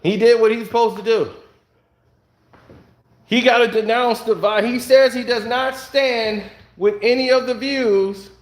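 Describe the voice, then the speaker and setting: A man with a very high voice for a man tears into a heated solo rant from home. He talks bluntly and angrily and keeps throwing out rhetorical questions. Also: steady tone, measured pace. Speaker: online commentator.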